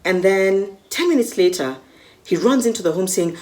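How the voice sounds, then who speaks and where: A woman's voice: mid-range voice, expressive, moderate pace, a little mellow. A Kenyan woman recounting a personal story vividly and acting out the dialogue. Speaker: media personality recalling a con.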